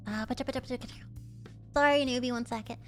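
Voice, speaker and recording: A woman streaming casually, bubbly and excitable, gasping and chatting to her viewers. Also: a little high, rapid-fire, soft background music. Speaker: livestreamer. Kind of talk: casual livestream chat.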